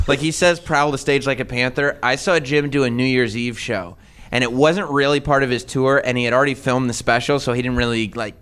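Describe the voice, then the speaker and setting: Dry teasing man hosting a radio talk show, middle pitch. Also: steady tone, fairly quick, a bit bright, clear, resonant tone. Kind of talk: casual talk show chat.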